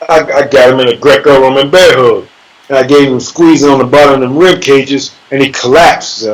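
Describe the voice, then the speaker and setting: Guesting on an interview, a male MMA fighter tells a sparring story in a casual, foul-mouthed, animated way, imitating voices and sound effects. His medium-pitched voice moves fairly quickly, and the recording is rough.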